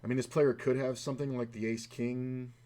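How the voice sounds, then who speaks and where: Over a faint hum and keyboard clicks, a man in a home room at his computer streams online poker, delivering casual commentary on his hands and chatting. His medium-pitched, mellow voice is flat and fairly quick, with muttered asides of frustration.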